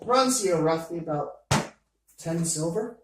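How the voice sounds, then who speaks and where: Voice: mid-range voice, expressive, a little slow, very echoey, recorded from a distance, background noise, lightly acted. A game master voicing a tipsy female shopkeeper who slips into a put-on Scottish accent, with cheery, hospitable patter.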